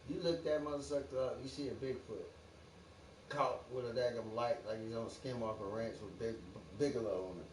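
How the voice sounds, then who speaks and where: Speaking a little fast in a medium-pitched, slightly mellow, steady voice, a man hosts a livestream. His monologue is profane and free-associating, full of laughter, and the sound is roomy and distant from the mic with faint noise in the background.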